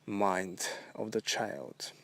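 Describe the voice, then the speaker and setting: A man hosts a solo podcast monologue with a gravelly, creaky edge to his voice. He talks at a very slow crawl, rambling and halting through drawn-out phrases. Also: sits low, fairly bright tone. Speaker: podcast host.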